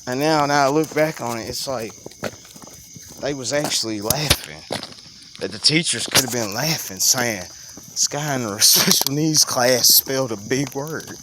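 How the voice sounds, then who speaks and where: A young man spins a loose, animated story in a casual chat. He swings from loud outbursts down to low mutters and laughs easily. Faint crickets chirp behind him outdoors. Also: unhurried, noisy background.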